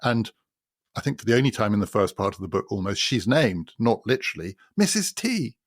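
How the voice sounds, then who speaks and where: A man hosting a podcast who explains a novel in a measured, storytelling way. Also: on the low side, dry recording, studio quality. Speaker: podcast host.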